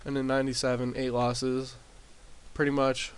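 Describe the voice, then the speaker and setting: A man at a middle pitch talks through his wrestling sim save in a loose, rambling way, full of fillers and self-corrections. His voice comes across smooth and clear through a desk mic with the gain turned up. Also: completely flat delivery, moderate pace. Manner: rambling, filler-heavy recap. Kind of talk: casual commentary over gameplay. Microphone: desk mic with boosted gain.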